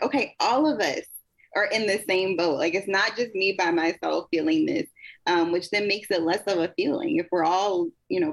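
A woman poet talking candidly and laughing easily, then reading her poem slowly in African American Vernacular English. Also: on the low side, vocal fry, husky. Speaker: poet and guest. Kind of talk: casual conversation and poetry reading. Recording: dull lo-fi sound.

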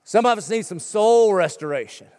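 A middle-aged male pastor preaching a sermon in a church, joking and punchy, firing off quick lists. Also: sits high, expressive, dark tone, big-room sound. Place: church sanctuary.

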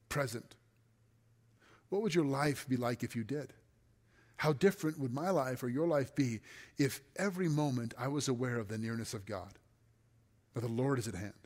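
A man preaching a sermon as pastor, earnest, often dropping to a soft, hushed voice on key phrases. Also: mid-range voice. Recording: long hall reverb.

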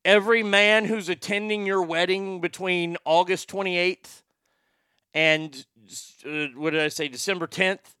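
This show host's voice is high-pitched, pushed and bright, clear and resonant, with fairly even intonation and an unhurried pace. His casual talk-show monologue is folksy, rambling and profane, full of restarts. The recording is dry and studio quality.

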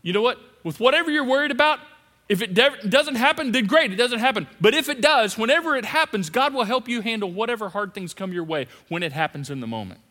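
High bright-voiced preacher in a big hall. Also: male voice, expressive, fast. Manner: swings from loud emphatic repetition to hushed asides. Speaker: pastor. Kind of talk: sermon. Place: large church hall. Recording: long reverb of a big hall.

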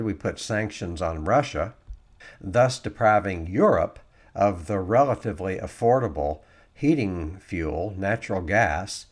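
A man giving political commentary, reading quotes aloud and adding sarcastic asides. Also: low voice.

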